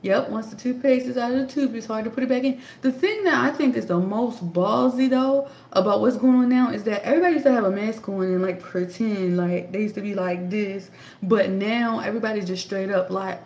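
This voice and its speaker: With a medium-pitched, darkish voice and a moderate pace, a woman in her thirties comments on politics into a tablet. The room echoes, and her delivery is emphatic, sarcastic, and heavy on rhetorical questions.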